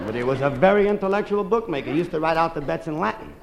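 A man performing a stand-up comedy monologue, telling a long story briskly with deadpan asides. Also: on the high side, creaky, very noisy.

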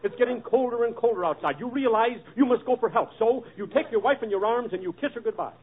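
A man's voice: very high-pitched, fast. A man playing straight man in a 1940s radio comedy, exasperated and bossy as he steers the sketch. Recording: tinny old radio broadcast, live audience, hiss.

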